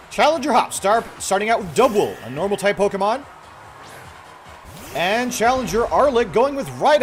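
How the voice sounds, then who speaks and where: A man putting on the voice of an excitable male stadium battle announcer, calling a game battle play by play in a booming, drawn-out style. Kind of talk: play-by-play commentary.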